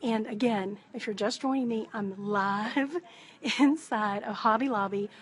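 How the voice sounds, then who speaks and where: A woman speaks in a higher voice, talking softly and chatting through a live shopping stream. She greets her viewers one by one as they join, and her voice is picked up by a phone held in a busy indoor store. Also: a little slow. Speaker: wreath maker and business coach.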